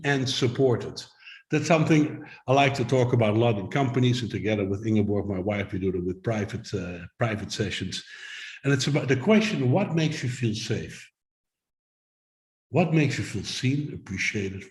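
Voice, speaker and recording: A man's voice: lowish voice, echoey room, low-quality recording. A man giving a motivational talk to a video call audience, explaining with simple images and rhetorical questions. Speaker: summit speaker.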